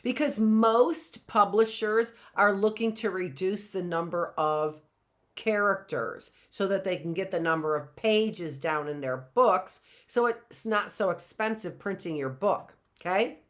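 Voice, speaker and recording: A woman's voice: mid-range voice, a little slow. A middle-aged woman teaching a grammar lesson in a chatty way, often checking in with "right?" and laughing at herself.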